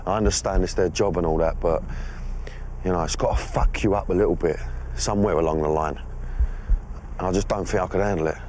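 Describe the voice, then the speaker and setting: A man's voice: sits low, steady tone, fairly quick, darkish tone, slight background noise. A man, presenting a documentary in a blokey, sweary, slangy chat. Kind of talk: casual on-location chat.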